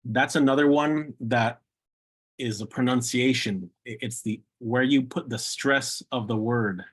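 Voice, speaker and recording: Husky-voiced man teaching a language class. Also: medium pitch. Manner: patient, repeats words slowly for practice.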